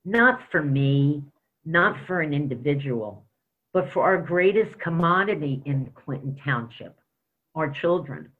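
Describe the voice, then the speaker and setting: A man serving as interim school superintendent, giving an emphatic report with stories at a school board meeting. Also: fairly high pitch. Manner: emphatic, storytelling with quoted dialogue. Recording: tinny phone-like sound.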